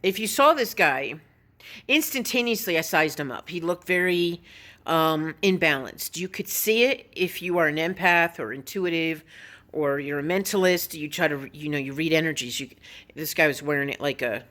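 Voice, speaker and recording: Blunt, opinionated woman vlogger, lowish voice. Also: expressive, moderate pace, a bit bright. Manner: opinionated, storytelling, blunt with occasional swearing. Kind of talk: casual vlog monologue.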